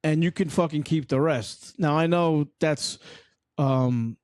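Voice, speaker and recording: A man's voice: on the high side, takes it slowly, a little mellow, no room sound, studio quality. A man with a New York accent mixing Brooklyn and Long Island, a podcast guest talking bluntly and swearing freely. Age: older. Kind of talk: casual podcast chat.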